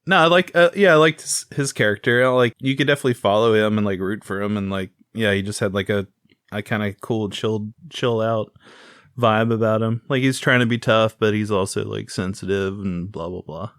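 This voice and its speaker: A man co-hosting a podcast, retelling a film plot with lots of quick put-on voices and laughs. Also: lowish voice, clear, resonant tone, no echo, studio quality. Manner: animated retelling, acts out characters in quick impressions. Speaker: podcast co-host. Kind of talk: casual movie review chat.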